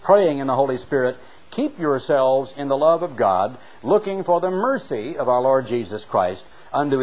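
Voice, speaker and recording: A man's voice: medium pitch, a little mellow, poor audio. A middle-aged man preaching a sermon, reading scripture aloud and stressing key words with rising and falling emphasis.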